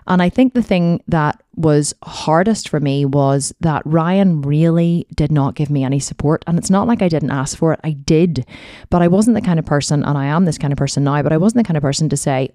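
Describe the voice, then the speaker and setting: Warm-voiced woman telling a personal story. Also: deep voice, brisk, no echo, studio quality. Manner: candid, rambling, heartfelt with many fillers. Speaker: podcast host.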